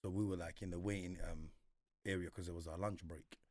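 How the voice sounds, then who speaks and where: In a casual interview, a young London-accented guest from Congo relates episodes from his life, using lots of street slang and animatedly acting out what people said. He talks fairly quickly in a low-pitched voice, recorded at studio quality with no room sound.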